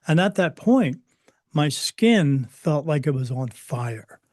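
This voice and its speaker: A man's voice: a little high, lively intonation, slow, a little mellow, dry recording. Hesitant man with a dry close sound. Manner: hesitant, many fillers and restarts. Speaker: interview guest. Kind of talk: recounting personal spiritual experiences.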